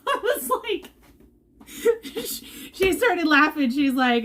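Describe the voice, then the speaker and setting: A woman's voice: sits high, lively intonation, drawn-out words, a bit bright. A woman giving a casual update to her followers, emotional and laughing, now and then near tears. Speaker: vlogger updating viewers.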